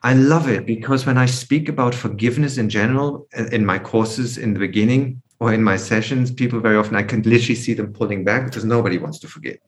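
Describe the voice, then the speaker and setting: A man's voice: mid-range voice, fast, hardly any pauses. A man coaching on forgiveness in a podcast interview, reflective, explaining through rhetorical questions.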